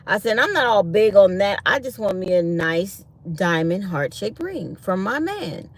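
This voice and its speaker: A woman vlogger telling a personal story in a casual, animated way, laughing often and quoting others. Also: medium pitch, a little slow.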